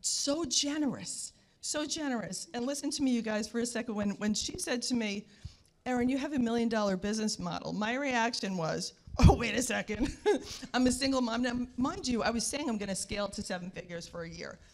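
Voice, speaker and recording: A woman, a guest telling an emotional personal story, animated and repetitive, often speaking straight to the audience. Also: on the high side, quick pace. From New York.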